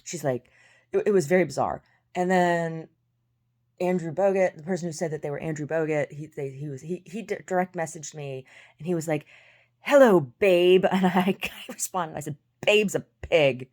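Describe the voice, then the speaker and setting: An American woman with a low, slightly dark voice tells stories a little quickly. Her casual monologue is blunt and sarcastic, full of swearing, frequent laughter and restarted words.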